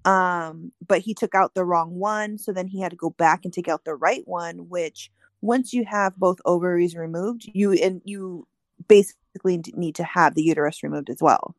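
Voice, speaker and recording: A woman with a slightly low voice talks through a news story she is reading on the spot. She fills pauses with ums and restarts her sentences. The sound is dry and close. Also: dry recording. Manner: explanatory, reads aloud with many ums. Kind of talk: casual podcast discussion.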